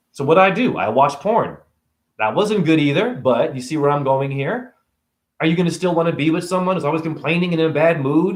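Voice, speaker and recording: Brief: cursing spiritual vlogger man, lively high-ish voice, roomy sound. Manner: ranting, profane, sarcastic. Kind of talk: spiritual rant to camera.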